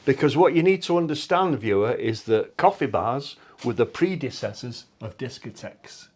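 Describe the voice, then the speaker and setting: A man co-hosts a relaxed chat. He trades dry, cynical quips and long reminiscences. His voice sits at a middling pitch. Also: moderate pace, husky. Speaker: co-host. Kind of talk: casual chat.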